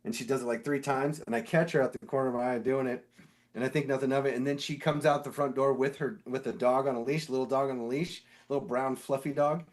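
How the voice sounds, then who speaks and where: A man casually telling a story on a podcast, animated and swearing, acting out the voices of the people in it. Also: medium pitch, fast talker. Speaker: podcast co-host; sewer inspector.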